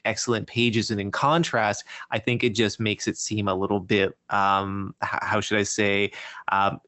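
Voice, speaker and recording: A man in a casual comics discussion, speaking in a measured way and pausing to search for the right words. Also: lowish voice, a bit bright, dry recording.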